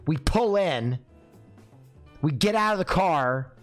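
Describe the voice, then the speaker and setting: Animated man telling a funny story. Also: measured pace, soft background music. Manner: lively, acts out dialogue with swinging pitch.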